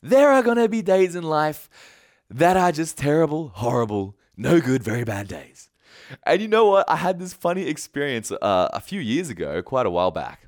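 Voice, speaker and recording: A man's voice: on the high side, big pitch swings, normal speed. A man preaching a sermon, retelling a story with frequent chuckles. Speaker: pastor.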